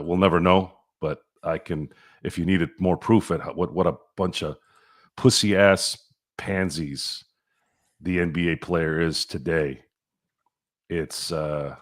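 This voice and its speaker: A man with a very low, deep voice talks sports on a podcast. He is blunt and opinionated and doesn't mind getting crude. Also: a bit bright. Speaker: podcast co-host. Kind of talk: casual sports chat.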